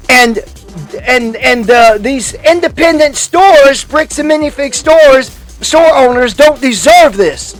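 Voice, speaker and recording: A man's voice: very high-pitched, lively intonation, takes it slowly, faint music behind. A man hosting a YouTube commentary, delivering a heated, profane rant full of restarts and angry outbursts.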